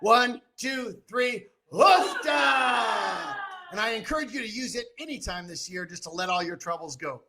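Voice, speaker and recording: A man in his fifties with a high, bright, forceful voice runs a charity auction. He rouses the crowd, shouting cheers and calls to join in. He comes through a video call. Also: expressive, fast talker, few pauses. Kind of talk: energetic gala emceeing.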